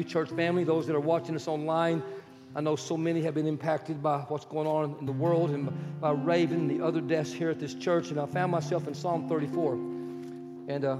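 A pastor in his sixties preaching a sermon, swinging from loud urgent pleading to soft, hushed prayer. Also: fairly high pitch. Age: 60s. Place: church sanctuary. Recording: long hall reverb with guitar music behind. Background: soft guitar music.

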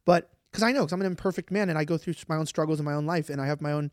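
Fast-talking rambling man on a podcast. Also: on the high side, dry recording, studio quality. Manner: rambling, animated, many fillers. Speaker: podcast co-host. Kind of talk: casual live-stream chat.

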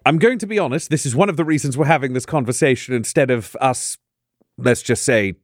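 A man playing a tabletop game, speaking in a measured, deliberate, questioning way. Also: mid-range voice, dry recording, studio quality. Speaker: player. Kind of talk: in-character tabletop play.

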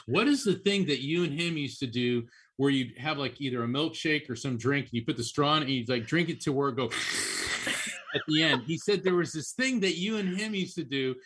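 A man who is a psychic medium, giving animated, chatty readings on a call-in show and often repeating names as he goes. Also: medium pitch.

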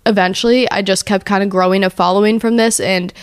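Podcast host, woman in her 20s, candid and chatty, smooth clear voice, close dry mic. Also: mid-range voice, steady tone, fast, no room sound. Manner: chatty, emotional, heavy use of "like". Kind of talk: candid personal storytelling.

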